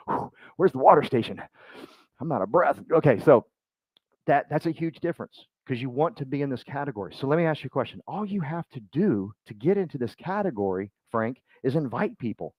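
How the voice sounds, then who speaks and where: A man speaking to a live group at a business meeting, joking and acting out quick voices as he goes. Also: on the high side, no echo, highs cut off. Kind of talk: motivational talk to a live group.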